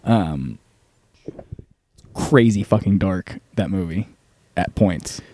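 A man co-hosting a podcast in casual chat, animated and profane, often laughing as he retells scenes. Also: low-pitched, slow, slight background noise. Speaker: podcast co-host.

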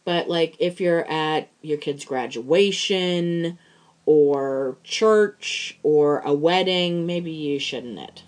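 A woman's voice: deep voice, slow pace. A woman from Pittsburgh, a farmer and podcast co-host, chatting casually and restarting her sentences often. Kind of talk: casual chat.

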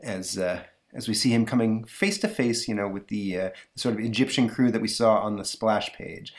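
A man's voice: on the low side, moderate pace. A man hosting a comic book review podcast, talking hesitantly with many fillers. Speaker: podcast host.

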